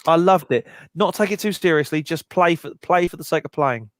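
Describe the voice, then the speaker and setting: A middle-aged man co-hosting a live music Q&A stream, joking around and talking in quick bursts with restarts. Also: fairly high pitch. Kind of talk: casual live-stream chat.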